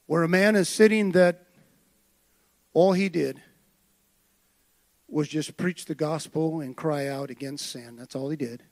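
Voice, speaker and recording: A man preaching a sermon with passion, building to shouted high points. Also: unhurried, pauses often. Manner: impassioned preaching that swells to shouts.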